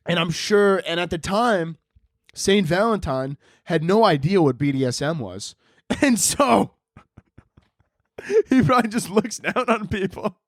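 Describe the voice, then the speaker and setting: A young man riffs through a comedy podcast monologue, swearing freely and cracking himself up. His voice sits a bit high for a man and swings widely in pitch. The sound is close and dry. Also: sing-song, takes it slowly, dry recording. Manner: rambling, swearing, laughing at own jokes. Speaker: podcast host.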